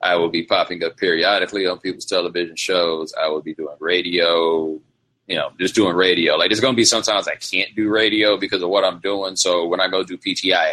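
Casting note: male host, low husky voice with a bright, forceful edge, loose rambling storyteller. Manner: rambling storytelling with quoted impressions. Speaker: show host. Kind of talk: casual livestream monologue.

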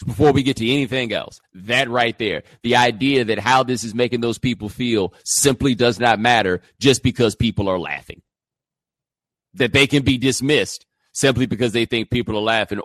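A middle-aged man hosting a show, delivering an animated opinion monologue full of rhetorical questions. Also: medium pitch, dry recording. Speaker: host.

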